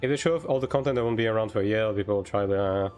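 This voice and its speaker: A man's voice: lowish voice, darkish tone. Chatty male game streamer, faint music. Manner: chatty, many fillers, quick bursts. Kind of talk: casual live-stream chat, answering chat.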